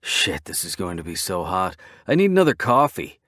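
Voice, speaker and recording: A man voicing a brash, excitable male biker who is cocky and crude, in a dry audiobook reading. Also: medium pitch, normal speed, no echo, pitched above the performer's own voice, close to an everyday voice. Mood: eager.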